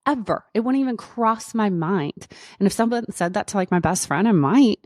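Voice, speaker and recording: A woman's voice: medium pitch, expressive, normal speed, dry recording, studio quality. A woman doctor hosting her own podcast, telling a personal story in a chatty way with lots of fillers. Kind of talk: casual solo podcast storytelling.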